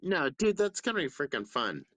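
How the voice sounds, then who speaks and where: A man guest on a casual live stream, talking in a drawn-out, tipsy, repetitive way. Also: a little high, wildly swooping pitch, fairly bright tone, no echo. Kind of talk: casual stoned stream chat.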